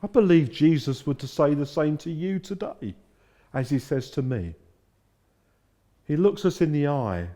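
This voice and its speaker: Lively, mellow-voiced English man preaching. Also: on the high side, a little slow, pauses often. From England. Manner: storytelling with acted-out quotes. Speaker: pastor. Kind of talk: sermon.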